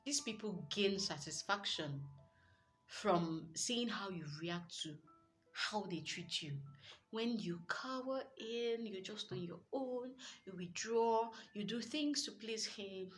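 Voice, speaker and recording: A woman's voice: mid-range voice, slow pace, soft background music. Earnest Nigerian woman giving advice. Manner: earnest, lively, slips into Pidgin asides. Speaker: relationship advice coach. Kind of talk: motivational advice talk.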